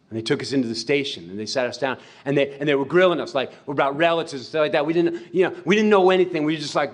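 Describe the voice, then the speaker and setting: A man giving an animated storytelling talk, retelling a friend's words with frequent "he said.". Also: medium pitch. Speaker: speaker.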